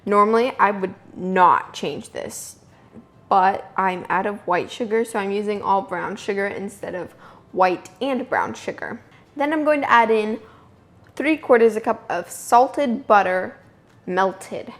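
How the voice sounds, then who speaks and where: This young woman has an expressive mid-range voice and speaks a little slowly. She narrates a laid-back home baking tutorial from her kitchen, chatty and self-amused while she works.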